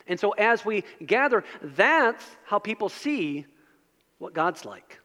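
High-voiced man preaching in a reverberant hall. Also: very animated, slow pace, pushed and bright. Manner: earnest preaching with repetition. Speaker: pastor. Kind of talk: sermon. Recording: long reverb of a large hall.

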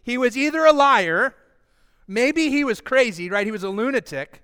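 High-voiced man preaching in a reverberant hall. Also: moderate pace, clean tone. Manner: lively, calls the congregation to repeat after him. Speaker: pastor. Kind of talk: Easter sermon. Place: church sanctuary with congregation.

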